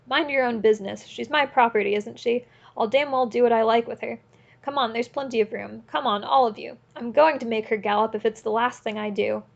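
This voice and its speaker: A woman's voice: fairly high pitch, steady tone, brisk, vocal fry. Woman doing a drunken peasant man, furious, bellowing, harsh, storybook reading, muffled recording.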